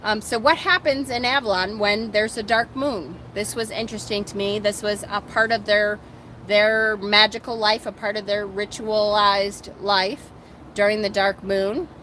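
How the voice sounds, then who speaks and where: A woman hosting a casual book discussion, reading passages aloud and commenting in a chatty, animated way with lots of fillers, recorded outdoors on sand. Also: medium pitch, measured pace, slight background noise, low-quality recording.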